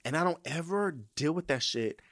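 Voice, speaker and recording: A man's voice: on the high side, animated, normal speed, a bit bright, no room sound. Profane ranting man, dry close sound. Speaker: podcast host. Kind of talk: casual storytelling monologue.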